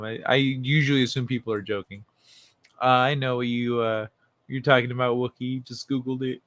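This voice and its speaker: A man's voice: mid-range voice, fairly bright tone. Laid-back man chatting with his viewers. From Central America. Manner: laid-back, chuckles often, swears casually. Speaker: livestream host. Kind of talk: casual chat with viewers.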